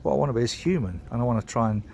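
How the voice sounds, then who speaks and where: A man's voice: medium pitch, lively intonation, rapid-fire, vocal fry, warm tone, a little hiss or hum. A British man vlogging outdoors by a canal, rambling and sweary, a bit tipsy after a beer, ranting heatedly. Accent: British English. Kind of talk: casual outdoor vlog rant.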